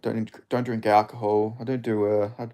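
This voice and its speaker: A man's voice: lowish voice, flat delivery, normal speed, dark tone. Man rambling on a live stream. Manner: rambling, answers chat questions. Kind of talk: casual live-stream chat.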